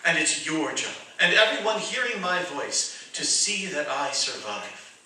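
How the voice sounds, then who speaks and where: Radio play: man as a lecturing spirit boy, bright, somewhat high, recorded distant in a roomy space. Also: sing-song, unhurried, a little hiss or hum, full character voice. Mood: stern preaching. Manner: earnest, lecturing. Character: Goodwill, a small boy spirit, calm moralizing. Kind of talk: amateur radio drama acting. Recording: roomy echo, distant mic.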